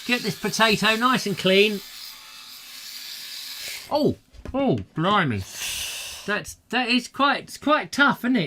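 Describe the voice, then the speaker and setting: Lively jokey male chat show host. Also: sits high, slow pace, long pauses, slight background noise. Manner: jokey, animated, rambling. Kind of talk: comic chat show banter.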